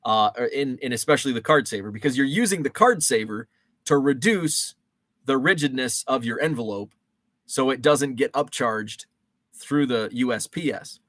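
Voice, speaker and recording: A man's voice: medium pitch, animated, normal speed, a bit bright, no echo. A man in his forties hosting a casual rambling monologue, thinking aloud with fillers and restarts. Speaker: show host. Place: home basement.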